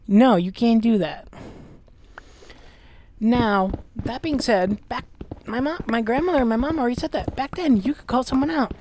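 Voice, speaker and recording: A woman's voice: fairly high pitch, measured pace, pauses often, a little mellow, dry recording. A woman hosting a Let's Play, ranting with exasperation and lots of swearing while she plays. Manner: profane, exasperated ranting with mocking voices. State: gassy, clearing throat. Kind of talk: ranting commentary over gameplay.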